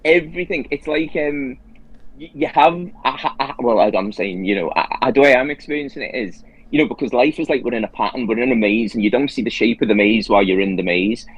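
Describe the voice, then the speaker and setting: A man's voice: mid-range voice, brisk, slightly rough, low-quality recording. A man hosting a casual conversation who tells his story earnestly and with animation, restarting his sentences often. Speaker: host.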